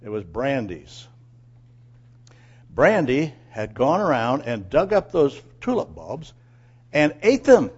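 A man telling a personal moral story in an animated way, asking his listeners questions and acting out quotes. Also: mid-range voice, slow, husky, muffled recording. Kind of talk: storytelling sermon.

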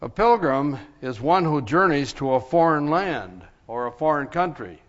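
A man leading prayer and preaching a sermon in church, speaking haltingly with many fillers. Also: on the high side, animated, in a large hall. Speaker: pastor. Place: church sanctuary. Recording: lo-fi church broadcast.

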